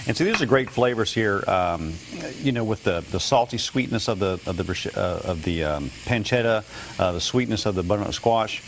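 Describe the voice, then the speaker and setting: A man's voice: lowish voice, normal speed, a little hiss or hum. A man, a guest chef, demonstrating a recipe on a morning TV show in a studio kitchen, talking in a rambling way with many fillers and restarts.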